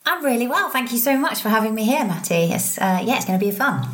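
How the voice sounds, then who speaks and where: A woman's voice: on the high side, animated, fast, a bit bright. A British woman in her thirties talking in a conversational podcast interview, thoughtful and friendly, with tag questions and fillers. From England. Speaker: guest, nutritional therapist.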